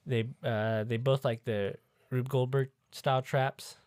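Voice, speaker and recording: A man co-hosting a casual podcast, crude and joking, with frequent laughter. His voice sits at an ordinary pitch for a man. The recording is dry, with no room sound. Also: fairly even intonation, unhurried, a little mellow, clean tone, no room sound. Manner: laughs often. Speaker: podcast co-host. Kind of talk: casual chat.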